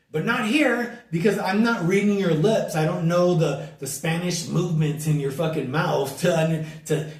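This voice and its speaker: A middle-aged American man vlogging a loud, profane, irritated rant outdoors at dusk. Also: a little high, reverberant, far from the mic. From United States. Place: outdoors at dusk, bugs and a barking dog nearby.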